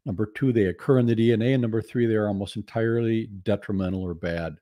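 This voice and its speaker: A man's voice: on the low side, steady tone, fast, warm tone, no echo, clean studio sound. A man giving a lecture presentation as a guest speaker, laying out numbered points with humour. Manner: humorous, lists numbered points.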